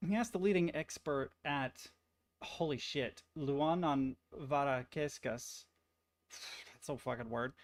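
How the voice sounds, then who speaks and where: A man's voice: mid-range voice, takes it slowly. A young man streaming, chatting casually and reacting to articles, swearing freely and rambling through stories. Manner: profane, rambling, easily amused.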